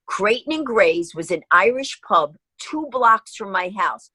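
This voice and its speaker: Brief: bright, husky-voiced woman stand-up comic, animated storyteller, dry close sound. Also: on the high side, dry recording, poor audio. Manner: acts out everyone's quotes, quick and lively. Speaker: stand-up comedian guest. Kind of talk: animated storytelling in a radio interview.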